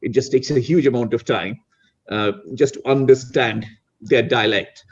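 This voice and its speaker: A man's voice: medium pitch, moderate pace, husky, lo-fi sound. A middle-aged man from India, a guest on a video call talk show, speaking reflectively with frequent restarts. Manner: reflective, many restarts and "you know". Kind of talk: casual interview chat.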